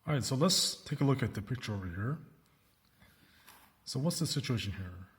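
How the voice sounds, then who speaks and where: A man's voice: mid-range voice, animated. Man teaching in a reverberant room. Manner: slows down to model example sentences, checks with "right?" and "okay?". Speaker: English teacher. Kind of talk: recorded classroom lesson.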